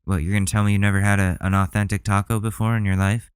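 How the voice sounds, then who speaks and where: A man's voice: on the low side, flat delivery, fast talker, clean tone, no echo. A man hosting a podcast, reacting to videos bluntly and indignantly, swearing often. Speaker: podcast host.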